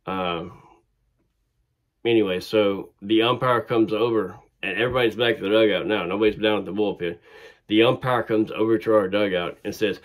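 A man's voice: fairly low pitch, steady tone, moderate pace. A man casually telling a personal story in a conversational way, with fillers and restarts.

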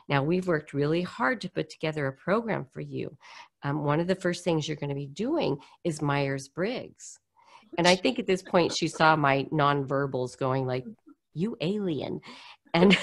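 A woman's voice: sits low, normal speed. A middle-aged woman from the United States, telling her story in an interview and acting out the voices of people she quotes. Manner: animated, acts out quoted voices. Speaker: guest speaker on poverty.

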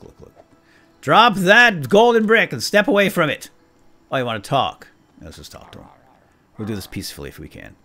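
A man giving excitable, jokey commentary while playing a video game. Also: medium pitch. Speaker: let's play gamer. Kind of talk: casual gameplay commentary.

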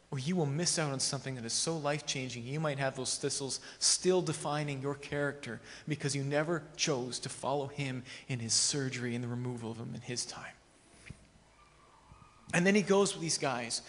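Lively high-voiced pastor preaching in a hall. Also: male voice. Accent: Canadian English. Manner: conversational, acts out quoted dialogue with humor. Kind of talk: sermon. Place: church sanctuary. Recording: long church hall reverb.

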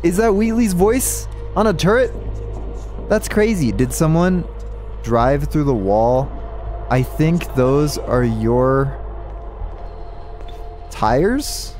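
A man streaming a puzzle game live, talking through it in an excitable, joking way and thinking aloud. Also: a little high, slow, pauses often, soft background music. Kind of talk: live gameplay commentary.

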